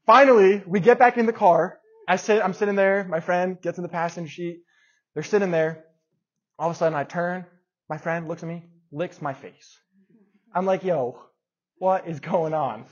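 Lively high-voiced man telling a story. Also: moderate pace, lo-fi sound. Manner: lively and conversational, directing a live skit. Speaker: youth pastor. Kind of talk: casual youth sermon with storytelling. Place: church room with a group of listeners.

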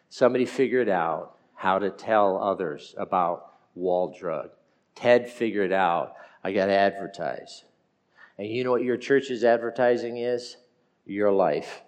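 A man preaching a sermon as pastor, telling folksy stories with jokes and slowing down to stress his points. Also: fairly low pitch. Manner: storytelling, folksy and joking.

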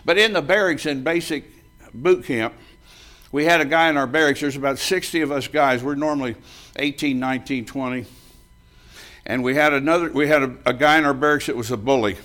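A man's voice: medium pitch, brisk, fairly bright tone. A man in his seventies preaching a sermon, telling a personal story in a folksy, emphatic way and laughing often as he talks.

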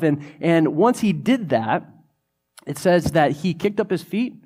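High-voiced man preaching casually. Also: moderate pace. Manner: conversational, animated, many "like" fillers. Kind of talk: sermon.

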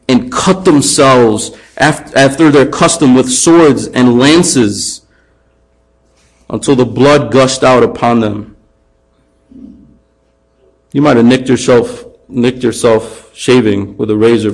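A man preaching a sermon, animated, acting out taunts in a raised voice and dropping quiet for emphasis. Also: medium pitch, slow pace, creaky, low-quality recording. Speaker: pastor.

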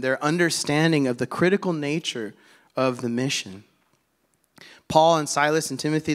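A man with a slightly high voice preaches a sermon to his church. He talks in an easy, conversational way, full of fillers and asides to the people in front of him.

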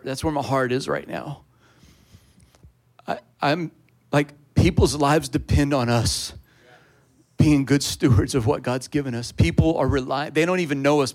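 A male pastor preaching to his congregation. He tells a personal story in a loose, chatty way, then lifts his voice into loud, fervent calls. His voice sits at an ordinary middle pitch for a man. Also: normal speed.

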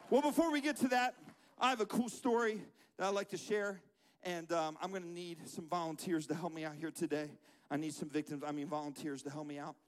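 A man with a strikingly high-pitched voice preaches to children in a church sanctuary. He keeps it playful and jokey, pausing for call-and-response lines the room shouts back. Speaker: children's pastor. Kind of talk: lively children's church sermon.

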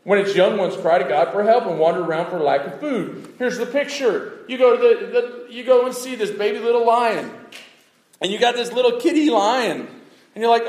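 A man preaching a sermon, animated, acting out little voices and swinging from loud outbursts to hushed asides. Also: high-pitched, normal speed, echoey room, low-quality recording. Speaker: pastor.

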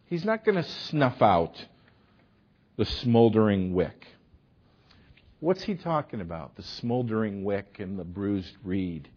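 A man delivers a sermon with a husky, slightly breathy tone. He tells stories with energy, pushing some phrases hard and dropping others almost to a murmur. The recording sounds dull and lo-fi. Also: mid-range voice. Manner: animated storyteller, swings from loud to hushed. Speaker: preacher.

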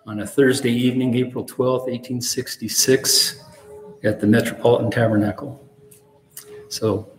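A man preaching a sermon earnestly and with emphasis, reading passages aloud. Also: medium pitch. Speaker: pastor. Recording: echoey hall with long reverb.

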